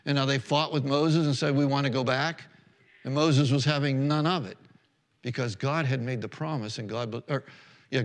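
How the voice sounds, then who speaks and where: A man's voice: fairly high pitch, long reverb tail. A man pastor preaching a sermon in an earnest, unpolished way, reading verses aloud and correcting himself as he goes. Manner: earnest, restarts and self-corrections, reads scripture aloud.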